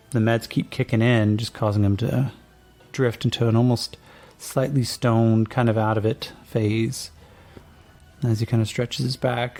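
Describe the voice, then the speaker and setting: A man's voice: medium pitch, creaky, a little mellow. A man narrating as game master of a tabletop game, laid-back and rambling with lots of fillers.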